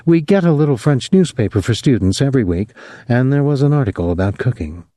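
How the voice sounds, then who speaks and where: Male narrator playing an earnest young student; lifted, lively voice, warm and dark, dry sound. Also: medium pitch, quick pace, no room sound, pitched above the performer's own voice, natural voice. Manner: earnest, careful, a bit showy. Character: young man, eager, guarded student. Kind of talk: audiobook character voice.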